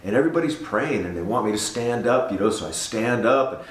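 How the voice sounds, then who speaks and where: Older guy with a deep voice telling his story, echoey room, mic kinda far off. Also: a little fast, a little hiss or hum. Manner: earnest, animated storyteller who repeats himself. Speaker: guest giving a testimony. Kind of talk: casual spoken testimony. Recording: roomy sound from a distance.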